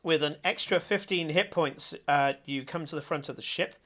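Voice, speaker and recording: A man runs a tabletop game with a slightly high voice, telling the scene with hesitant fillers and then leaping into loud, shouted lines for the crew. He is easy to follow. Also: normal speed. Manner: animated, shouting out character lines. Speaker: game master.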